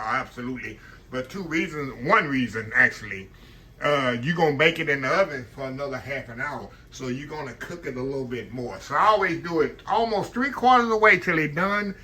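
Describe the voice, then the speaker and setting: A man's voice: a little high, normal speed, sharp tone. A man giving a casual cooking demonstration, chatting to his viewers and calling them y'all. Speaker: home cook hosting a cooking channel.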